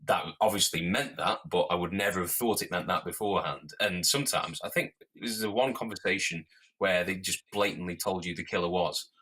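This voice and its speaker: A man's voice: deep voice, brisk, fairly bright tone, breathy edge. A man co-hosting a podcast, chatting casually and laughing often. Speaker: podcast co-host. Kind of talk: casual chat.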